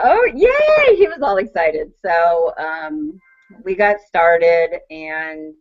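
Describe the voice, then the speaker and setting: Bubbly older woman on a muffled call. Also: on the low side. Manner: bubbly, laughing, acts out quotes. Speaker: testimonial speaker on a call. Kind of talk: excited personal testimonial. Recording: muffled online call audio.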